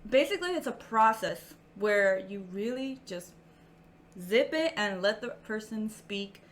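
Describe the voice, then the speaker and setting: Woman calmly explaining listening steps. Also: mid-range voice, a little slow, a little hiss or hum. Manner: explanatory, walks through steps with examples. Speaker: podcast co-host. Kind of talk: casual chat.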